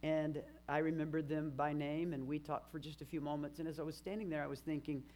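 Fifty-something pastor preaching, emphatic rises. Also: male voice, a little high, little pitch movement, a little fast, darkish tone. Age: 50s. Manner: storytelling, retelling conversations, emphatic rises. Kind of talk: sermon.

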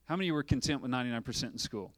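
A man's voice: mid-range voice, racing, no room sound. A man preaching a sermon as pastor, asking rhetorical questions and acting out little dialogues.

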